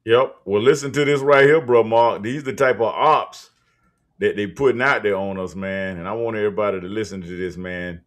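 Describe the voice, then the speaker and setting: A man's voice: lowish voice, normal speed. A man in casual podcast chat, talking emphatically with slang.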